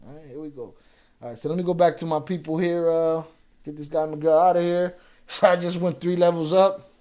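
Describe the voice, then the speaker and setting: A man's voice: high voice, warm tone. A man hosting a live reaction stream, talking in a profane, confrontational way with heavy street slang and reading viewer chat aloud. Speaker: livestream reaction host. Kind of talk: casual livestream chat.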